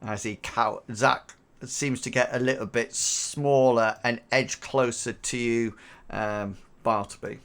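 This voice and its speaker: A man narrating as game master, in a relaxed way with many fillers. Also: mid-range voice, takes it slowly, clear, resonant tone.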